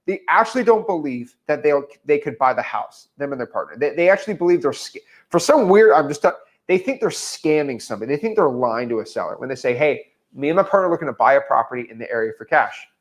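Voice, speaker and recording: A young man coaching real estate in a relaxed, animated way, often acting out both sides of a conversation. His voice sits slightly high, with very lively pitch. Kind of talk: casual teaching talk.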